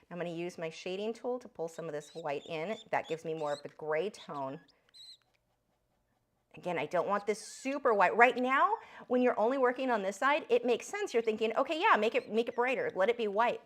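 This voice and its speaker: During a live drawing lesson full of chatter, this art instructor occasionally turns away to address her pet bird. Whenever she does, her voice goes high and squeaky.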